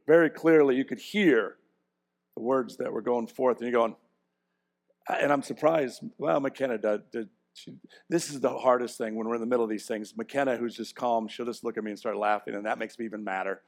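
A middle-aged man preaching a sermon, swinging from quiet, self-mocking asides to loud, emphatic points, with frequent restarts. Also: medium pitch, steady tone, fairly quick, vocal fry. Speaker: pastor.

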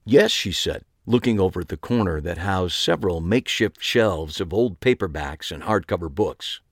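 A man's voice: sits low, lively intonation, normal speed, dry recording, studio quality. A man narrating a first-person audiobook in a wry, conversational way.

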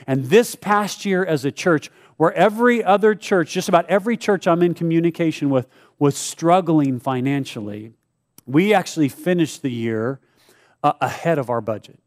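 A man's voice: a little high, lively intonation, normal speed. A middle-aged man, a pastor, talking casually and jokingly to his congregation about giving, acting out short prayers. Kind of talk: church giving talk to a congregation. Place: church service before a live congregation.

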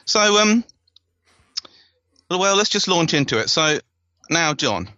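A man's voice: fairly high pitch, sing-song, slow, bright, forceful tone, no echo, lo-fi sound. A man hosting a casual science podcast, enthusiastic, laughing often as he rambles through paper details. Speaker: podcast host.

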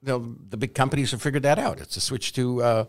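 A man in casual conversation, sardonic and animated, his voice in a plain middle register. He laughs lightly as he goes and often restarts his sentences. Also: medium pitch, fast talker.

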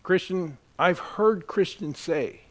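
A pastor delivers a sermon in an earnest, emphatic way, leaning on his own experience. His voice sits a little higher than most men's. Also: slow pace, a bit bright. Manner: earnest, emphatic preaching with personal storytelling.

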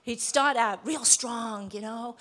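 A middle-aged woman preaching a sermon in a church room, lively and emphatic as she quotes scripture. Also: on the high side, takes it slowly. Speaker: lay preacher.

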